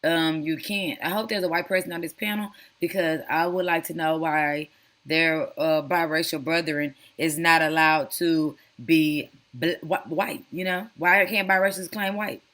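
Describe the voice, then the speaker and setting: A woman's voice: sits low, fairly even intonation, measured pace, fairly bright tone. A woman hosting a casual reaction commentary, chatty and sassy, calling viewers honey and girl. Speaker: commentary channel host.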